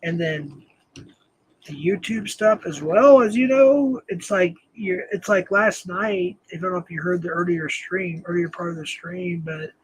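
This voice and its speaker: A man's voice: high-pitched, measured pace, breathy edge, low-quality recording. An older man hosting a livestream, talking casually in a rambling, self-deprecating way and laughing often. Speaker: livestream host.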